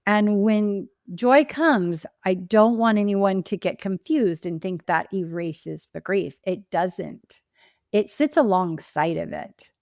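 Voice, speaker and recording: Guest spot: woman grief coach, impassioned and emphatic, mid-pitched, dry close sound. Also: takes it slowly, darkish tone, no echo. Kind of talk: earnest interview answers.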